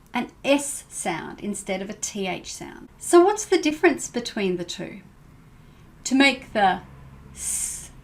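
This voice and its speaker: A woman teaching English pronunciation, speaking clearly and carefully and modelling words for learners to repeat. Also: on the high side. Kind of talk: pronunciation lesson.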